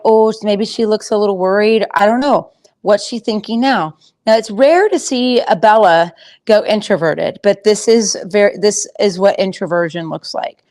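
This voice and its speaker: A woman horse trainer giving a casual teaching talk, rambling and chatty with many fillers and restarts. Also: mid-range voice. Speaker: horse trainer and confidence coach.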